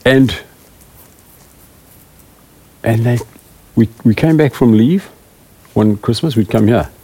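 A man's voice: mid-range voice, slow pace, warm tone, slightly rough. A middle-aged man, a preaching elder, giving a rambling, self-deprecating talk to a small group of church leaders. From South Africa.

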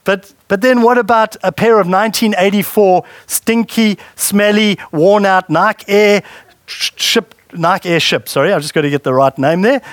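Man preaching, fairly high voice. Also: moderate pace, no room sound. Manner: conversational preaching, asks the congregation questions. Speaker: pastor. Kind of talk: sermon.

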